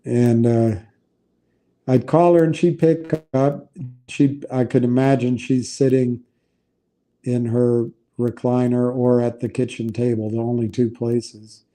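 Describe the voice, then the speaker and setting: A man hosting a livestream, talking in a rambling, halting way with many restarts. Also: mid-range voice, little pitch movement, dark tone. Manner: halting, meandering, frequent restarts. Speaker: livestream host. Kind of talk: rambling casual livestream talk.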